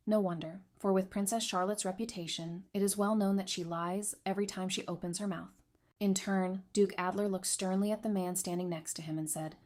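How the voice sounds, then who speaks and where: A woman giving scripted narration of a romance comic recap in an even, steady storytelling manner. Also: lowish voice, fairly quick.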